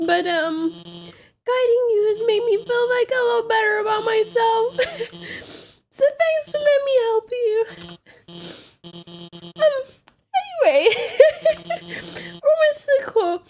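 A woman voicing a nervous, shy female lizard scientist in a video game, talking in halting, heartfelt bursts. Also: very high voice, sing-song, creaky, faint music behind, voice pushed up, exaggerated voice. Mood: tearful.

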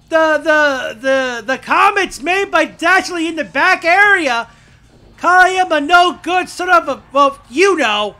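A man commentating his wrestling video game play-by-play, shouting in mock outrage and calling out to the audience. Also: very high-pitched. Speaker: gameplay commentator.

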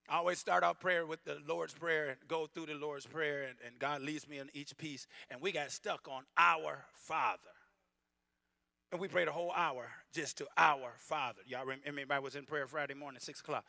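A middle-aged Southern US pastor preaching a sermon, moving from low, playful asides and acted-out everyday voices to shouted passages. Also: male voice, brisk, creaky, dry recording, clean studio sound. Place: church sanctuary.

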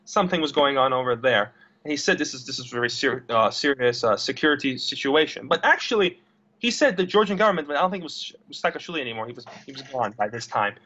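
A man's voice: medium pitch, animated, fast talker, sharp tone. A young man in a casual interview, rambling and blunt, who swears and repeats his words. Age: young adult. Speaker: interview guest. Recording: dull lo-fi recording.

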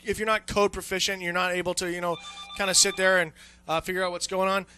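A man's voice: high voice, level tone, fast talker, bright, forceful tone. A young man hosting a radio show, ranting and swearing constantly and acting out the annoyed callers he complains about. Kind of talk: profane casual radio rant. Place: radio studio.

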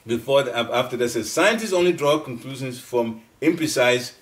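A middle-aged man giving a devotional class talk in a storytelling way, laughing at times and jumping up in pitch. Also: expressive, normal speed. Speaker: speaker at a devotional study group. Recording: voice picked up from a distance.

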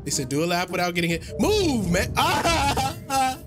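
A man giving casual, excitable gameplay commentary, loud and profane, with plenty of slang. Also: sits high, normal speed, over loud music. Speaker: gaming YouTuber.

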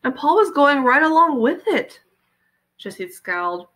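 A woman teacher reading a children's novel aloud with expressive storytelling. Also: sits high, unhurried.

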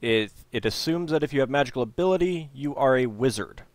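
A man's voice: mid-range voice, animated, fairly quick, no echo. A man hosting a let's play, thinking aloud and joking at his own expense as he plays through a game. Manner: chatty, thinking aloud, self-deprecating. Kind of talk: casual gameplay commentary.

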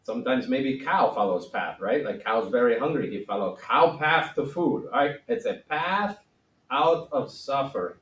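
A man's voice: mid-range voice, lively intonation, unhurried, a bit bright. A man voicing a solemn, wise ancient male sage in a put-on accent with broken grammar, teaching a playful lesson. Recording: roomy echo, mic at a distance.

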